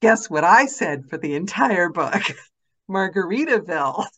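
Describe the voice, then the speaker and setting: A woman with a lowish voice hosts a relaxed narrators' chat. She laughs often and reads comments aloud in a friendly, conversational way. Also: a little slow. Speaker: podcast host, narrator. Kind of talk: casual chat.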